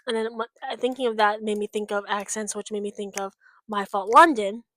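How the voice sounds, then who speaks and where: A woman's voice: mid-range voice, steady tone, a little fast, a bit bright, a little hiss or hum. A young woman from the United States chatting casually in a vlog, rambling and frank, swearing often with lots of fillers. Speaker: vlogger. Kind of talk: casual chat.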